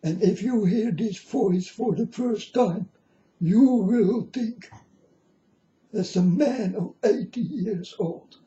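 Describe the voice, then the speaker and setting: A man putting on a high, singsong voice that he says sounds like an eighty-year-old man. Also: slow pace, dark tone. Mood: playful. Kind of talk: showing off a put-on voice. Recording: dull lo-fi recording.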